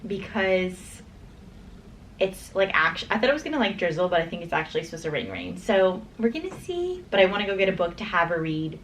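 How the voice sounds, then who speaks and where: A young woman talking casually to camera as a flight attendant, chatty and excitable, with lots of "like" and "literally". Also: fairly low pitch, brisk, slight background noise. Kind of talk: casual vlog chat.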